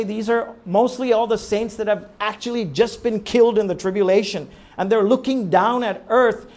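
A man preaching a sermon, rising to near-shouts and falling low, often asking the congregation rhetorical questions. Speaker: pastor.

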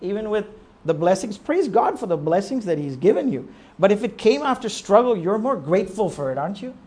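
A man preaching a sermon in a conversational way, asking rhetorical questions and swinging from quiet reflection to emphatic urging. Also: sits high, very animated, brisk, slightly rough. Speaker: pastor.

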